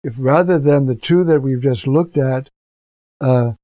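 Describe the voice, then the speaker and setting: A man's voice: medium pitch, measured pace, no echo. An older man, a priest, giving a conversational, earnest commentary on scripture readings for preachers. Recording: dull, dry recording.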